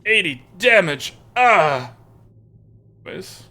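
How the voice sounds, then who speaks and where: A talkative man hosting a live stream, his voice slightly high and sharply bright. He thinks out loud about each move and greets viewers by name in a loose, casual way. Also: very animated, slow pace. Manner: chatty, thinks aloud and talks to viewers by name. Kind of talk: casual live-stream commentary while playing a card game.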